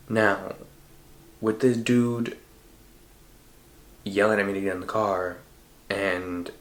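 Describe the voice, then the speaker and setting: Low-voiced man telling a story, roomy echo. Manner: animated, profane, slangy retelling. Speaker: podcast host. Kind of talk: casual storytelling.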